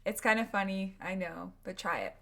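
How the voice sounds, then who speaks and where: An American woman teaching English pronunciation, drilling words slowly and repeating them for practice. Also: medium pitch, gravelly, pushed and bright.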